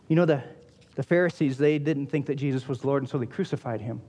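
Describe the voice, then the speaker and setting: A man's voice: medium pitch, fast talker, warm tone. A male pastor preaching a sermon, emphatic and repeating key phrases for weight. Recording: long hall reverb.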